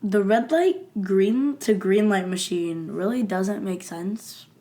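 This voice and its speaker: A young woman chats as a podcast co-host. She thinks out loud, poses questions as she goes, and lets her sentences trail off unfinished. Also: mid-range voice, takes it slowly. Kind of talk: casual chat.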